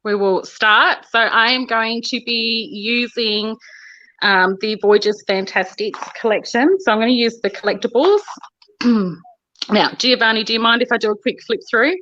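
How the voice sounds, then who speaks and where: An Australian woman co-hosts a craft livestream, chatting easily and walking through each step. Her voice is bright and a touch high. The audio is dry and dull, like a lo-fi call. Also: moderate pace. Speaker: craft demonstrator, co-host. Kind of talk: casual livestream chat and demonstration.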